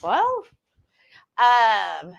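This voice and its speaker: A woman's voice: a little high, wildly swooping pitch, very slow, creaky, dull audio. A woman co-hosting a live cooking stream, chatting casually and reading viewer comments aloud. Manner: chatty, reads out comments with a laugh.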